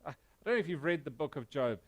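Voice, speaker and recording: A South African pastor preaches to his congregation in an earnest, emphatic way. His voice sits a little high for a man. He often sinks into low, quiet stretches to press a point home. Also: expressive, fast talker. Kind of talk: sermon. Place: church.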